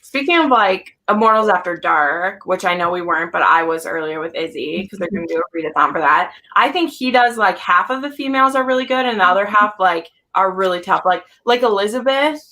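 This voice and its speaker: Bright-voiced gushing woman host. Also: medium pitch, fairly quick, hardly any pauses. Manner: gushing, animated, filler-heavy. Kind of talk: casual group chat.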